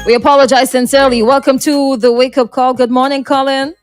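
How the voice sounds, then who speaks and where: A woman hosting a morning radio talk show, brisk and upbeat, quick to laugh. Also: sits high, flat delivery. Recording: dry studio, faint music behind.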